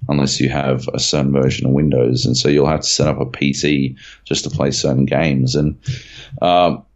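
A man with an extremely deep voice rambles through casual podcast talk. He fills his sentences with ums and likes, restarts often and swears without thinking. The recording sounds dull and lo-fi. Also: little pitch movement, normal speed. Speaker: podcast co-host.

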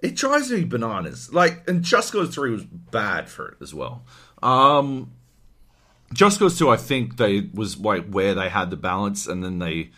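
A man's voice: fairly low pitch, very animated, measured pace, pushed and bright. A man co-hosting a gaming podcast in casual chat, ranting animatedly with lots of swearing. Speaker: podcast co-host.

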